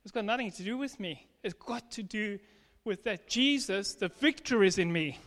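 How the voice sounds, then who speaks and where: A man with a strikingly high-pitched voice preaches a sermon in a church. He tells his story emphatically, slipping into lively acted dialogue. A long reverb from the hall trails each phrase. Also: normal speed. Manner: emphatic testimony, acting out quoted dialogue.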